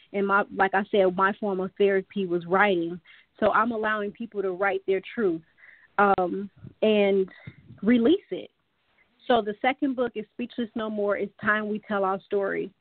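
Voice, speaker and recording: A woman's voice: mid-range voice, no echo. Woman guest on a tinny phone line. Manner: halting, many fillers and restarts. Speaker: author and guest. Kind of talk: radio interview.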